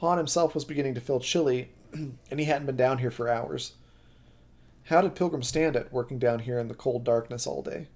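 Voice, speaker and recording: A man reading a novel aloud on a live stream, steady but with occasional slips that he corrects. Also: mid-range voice, moderate pace, vocal fry.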